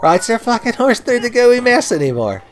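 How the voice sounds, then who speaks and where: A man's voice: very high voice, sing-song, moderate pace, soft background music, pitched above the performer's own voice. A man doing a whiny small-town shop owner. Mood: indignant. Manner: indignant complaining. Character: grumbling small-town male business owner.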